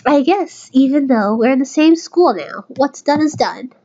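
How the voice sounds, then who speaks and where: A woman's voice: sits high, animated, unhurried, mellow, dull audio, a little hiss or hum. A tipsy woman hosting a let's play, reading the game aloud and making chatty jokes. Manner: joking, chatty.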